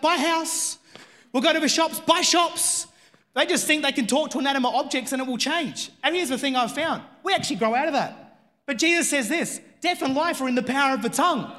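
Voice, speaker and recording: A man's voice: high voice, fairly bright tone. A man in his thirties preaching, telling a story with humor and building to fervent declarations. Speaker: pastor. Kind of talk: sermon with storytelling. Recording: long hall reverb.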